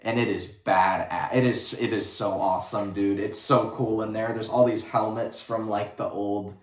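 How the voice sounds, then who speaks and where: A man's voice: fairly low pitch, fairly even intonation, moderate pace. A man giving a casual livestream rant in a blunt, profane, rambling way. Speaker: vlogger. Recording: roomy echo.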